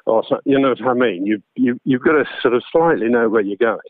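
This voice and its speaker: A man, a voice actor and audiobook narrator, chatting casually in an interview, self-deprecating and quick to laugh. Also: mid-range voice, no room sound. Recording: tinny phone line, dry.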